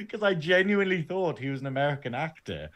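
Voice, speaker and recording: An English man co-hosting a podcast, animated and self-deprecating, laughing through his stories. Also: on the high side, brisk, background noise. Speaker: podcast co-host. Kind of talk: casual chat.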